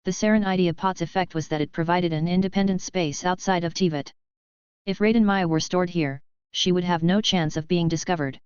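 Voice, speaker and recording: A woman narrating a web novel audiobook in a steady, even reading voice. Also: fairly low pitch, fairly quick, clean tone, no echo, dull audio.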